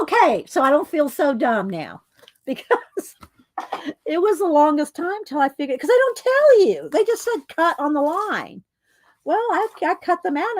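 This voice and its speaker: Slow, chatty middle-aged woman crafter. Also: sits high, a little mellow, dry recording. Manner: chatty and rambling, with many fillers and asides. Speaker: craft vlogger. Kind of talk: casual craft show-and-tell.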